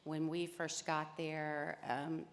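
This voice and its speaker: Low, flat-voiced woman lawyer. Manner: measured, explanatory, steady. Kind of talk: panel discussion. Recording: reverberant conference hall.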